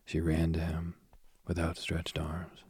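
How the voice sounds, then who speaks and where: A man reading a myth aloud as a soothing bedtime story, slowly and softly, drifting into whispers. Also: low voice, monotone, slightly rough. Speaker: sleep story reader.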